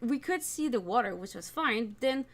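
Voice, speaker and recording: A woman telling animated stories in casual chat, laughing often. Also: on the high side, normal speed. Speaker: stream co-host.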